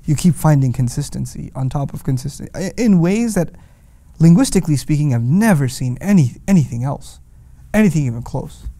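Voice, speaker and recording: A man teaching a scripture lesson with a somewhat high voice, recorded close and dry with no room sound. He talks emphatically, piling up rhetorical questions and breaking into quoted Arabic verses. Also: expressive, brisk, dark tone, dry recording. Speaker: Quran teacher. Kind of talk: lecture.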